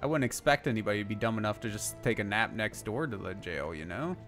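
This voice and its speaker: A man's voice: fairly low pitch, expressive, fast talker, a bit bright, soft background music. A young man casually commenting while playing a game with a friend, swearing and laughing often. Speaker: streamer. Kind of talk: casual let's-play commentary.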